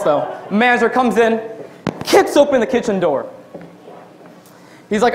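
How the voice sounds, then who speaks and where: A man's voice: very high-pitched, normal speed, long pauses, slight background noise. A young man performing a stand-up comedy routine, telling a long workplace story and acting out the people in it. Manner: storytelling, acts out quotes in his own voice.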